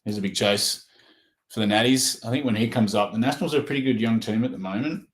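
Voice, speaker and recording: A man's voice: lowish voice, fast. A man with an Australian accent, giving casual running commentary as he opens trading cards. He rattles off player names and perks up at good pulls. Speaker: card breaker. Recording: roomy echo.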